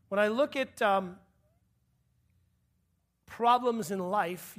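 Male pastor, high-pitched, playful sermon delivery with running gags. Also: fairly bright tone. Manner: joking, repeats punchlines, laughs at himself. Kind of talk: sermon with humor.

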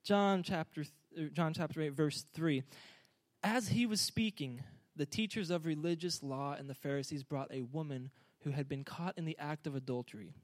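A man preaching a sermon, energetic and joking, urging the congregation to answer back. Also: on the high side, normal speed.

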